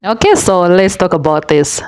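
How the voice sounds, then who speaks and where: Man commenting with a dry, close sound, halting with constant uhs. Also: high voice, darkish tone, clear, resonant tone, dry recording. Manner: halting, many filler uhs. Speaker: commentary creator.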